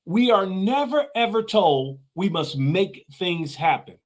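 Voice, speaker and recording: A man's voice: high voice, a bit bright. Emphatic, earnest male motivational speaker. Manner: earnest, emphatic, repeats key phrases for emphasis. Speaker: motivational speaker, show host. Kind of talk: motivational teaching monologue.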